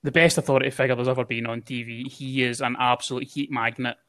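A man's voice: mid-range voice, fairly even intonation, fast talker, fairly bright tone. A man co-hosting a casual podcast chat, swearing freely and laughing at his own jokes. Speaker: podcast co-host.

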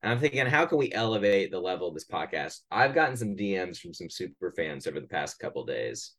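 A man co-hosting a casual podcast from his bedroom at home, delivering a joking sales pitch full of stammers and restarts. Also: big pitch swings, fast, fairly bright tone. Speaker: podcast co-host.

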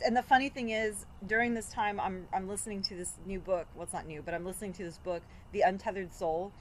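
A woman's voice: mid-range voice, fast talker, hardly any pauses, low-quality recording. A woman in her thirties co-hosting a podcast, chatting casually and acting out her own quotes as she tells a story. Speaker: podcast co-host. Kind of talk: casual chat.

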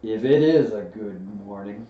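A man reading a storybook and voicing a gloomy, self-pitying old gray donkey, slow and mournful. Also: lowish voice, slight background noise, natural voice. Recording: roomy, distant, dull lo-fi headset recording.

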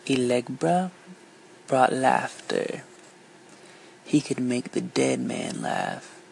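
A storyteller reading a folk tale aloud, unhurried and lilting, switching voices for each character. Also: mid-range voice, creaky, a little mellow, a little hiss or hum, rough recording.

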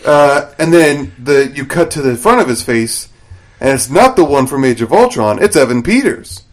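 A man in casual podcast chat, recapping a TV episode with lively retellings. He slips into the characters' lines as he tells it, at an everyday mid-range pitch. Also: normal speed. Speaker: podcast co-host.

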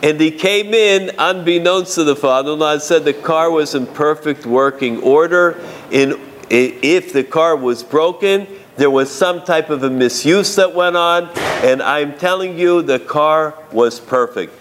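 A rabbi telling a story from his own work as an arbiter, in a lively manner with asides and restarts. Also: on the high side, a little slow, slight background noise. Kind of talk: storytelling talk to an audience.

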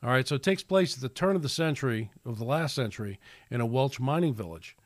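A man talks through a casual solo podcast in a preachy, rambling way, starting over and filling gaps as he goes. His voice sits at a middling pitch. The close recording is dry, with no room sound around it. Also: lively intonation, quick pace, dry recording. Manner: rambling, preachy, with many restarts and fillers. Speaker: podcast host.

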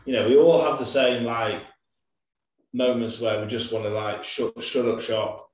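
A man, a father, talking loosely about parenting in a relaxed chat. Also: mid-range voice, a little slow. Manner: relaxed, loose, many fillers. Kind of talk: casual chat. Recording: very echoey, off-mic.

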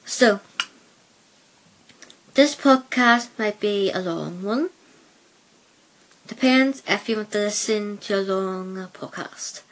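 A woman's voice: medium pitch, slow pace, pauses often. A woman from Northern Ireland with a mixed Belfast and Plymouth accent, hosting a casual solo podcast on a headset mic, rambling hesitantly with many fillers. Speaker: podcast host.

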